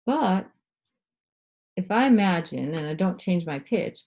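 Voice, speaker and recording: A middle-aged woman voice coach giving a clear, demonstrative lesson, shifting her pitch and loudness to show techniques. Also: expressive, moderate pace. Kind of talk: instructional talk to camera.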